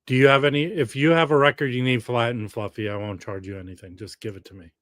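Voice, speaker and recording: A man talks casually on his own live stream, wandering from thought to thought and answering viewer comments as they come in. His voice sits at a middle pitch and is recorded dry and close, with no room sound. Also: steady tone, quick pace, a bit bright, dry recording. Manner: rambling, chatty, reads viewer comments aloud.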